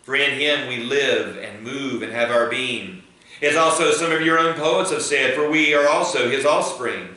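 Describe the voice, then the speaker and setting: A man's voice: medium pitch, normal speed, sharp tone. A man preaching a sermon as pastor, building emphasis and leading prayer. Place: church sanctuary. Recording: echoey church hall, mic at a distance.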